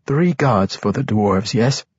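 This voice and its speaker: A weak, injured monk speaks up in a calm, knowing way, as a man reads him. The voice is slightly husky and thin, and the recording is dull and lo-fi, as on an older audiobook. It stays soft and strained. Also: lowish voice, takes it slowly, no echo, heavily acted. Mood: weak, advising.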